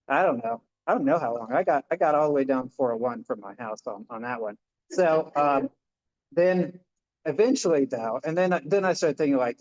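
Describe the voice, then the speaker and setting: A man's voice: mid-range voice, fairly quick, darkish tone. A man, a Buddhist minister, giving an informal dharma talk in a chatty storytelling way, with many fillers and restarts. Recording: dull lo-fi sound.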